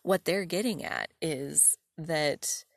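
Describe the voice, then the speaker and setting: Low gravelly woman podcasting candidly. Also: slow pace, dry recording, clean studio sound. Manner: candid, animated, laughs often, swears. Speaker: podcast host. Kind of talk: casual solo podcast monologue.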